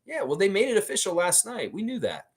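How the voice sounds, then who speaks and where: A man hosts a casual sports livestream, reading viewer comments aloud and firing back blunt, profanity-laden answers. His voice sits high, swings hugely in pitch and moves at a quick pace. He refers to himself in the third person.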